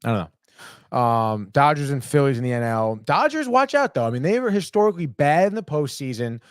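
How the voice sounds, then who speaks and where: Smooth and a little fast, a young man's medium-pitched voice carries a live sports talk show, captured dry in clean studio sound. He's a sports podcast host who rambles, heats up, swears freely, and says "dude" often in casual conversation.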